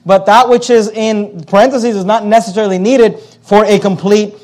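High-voiced man preaching a sermon. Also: fairly even intonation, a little mellow. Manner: emphatic preaching, repeats key questions, slows down to stress words. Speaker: pastor. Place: church service.

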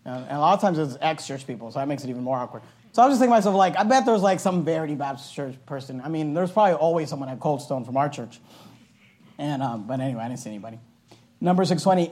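A middle-aged man preaching a sermon as a pastor, telling a personal story in a loud, emphatic, conversational way with asides. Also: on the high side, animated, racing.

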